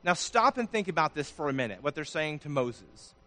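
A man preaching a sermon, his voice swelling loud and then dropping low. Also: big pitch swings, fairly quick. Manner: preaching with sudden swells and drops in loudness. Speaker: pastor.

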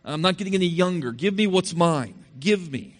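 A man voicing an entitled, impatient younger son who demands things quickly and pushily. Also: sits high, expressive. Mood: demanding. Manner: demanding, fast and pushy.

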